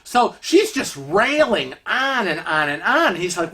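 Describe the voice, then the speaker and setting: A man's voice: high-pitched, sing-song, a little slow, pushed and bright. Chatty man telling a cruise story. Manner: chatty, many fillers, laughs while telling. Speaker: vlog host telling a travel story. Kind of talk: casual storytelling.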